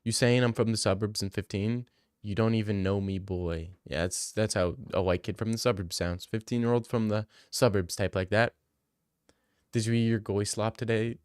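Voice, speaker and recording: A young man chats casually on a livestream, reading viewer questions aloud and riffing back in loose slang. His voice sits on the low side and sounds smooth and clear. The sound is close and dry. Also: steady tone, moderate pace, a little mellow, dry recording. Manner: slangy, joking, reads chat questions aloud then riffs. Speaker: livestream host answering chat.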